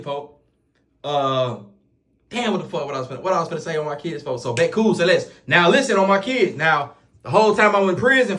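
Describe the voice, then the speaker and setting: A man telling a prison story to camera in slangy, casual talk, piling up oaths and fillers. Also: a little high. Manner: slangy, repeats oaths and fillers, animated retelling.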